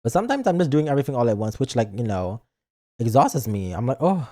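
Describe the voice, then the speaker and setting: Man, live streamer, casual chat, playful, dramatic, middle pitch, lively intonation. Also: quick pace. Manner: playful and dramatic, acts out his own thoughts aloud. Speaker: virtual streamer.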